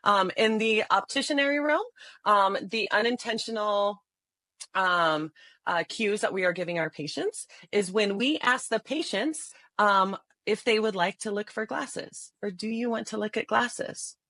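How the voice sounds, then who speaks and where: Lively woman with a dry, close sound. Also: mid-range voice, unhurried, no room sound. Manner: animated, laughs often, acts out example dialogue. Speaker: podcast guest, sales trainer. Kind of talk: casual interview talk with demonstrations.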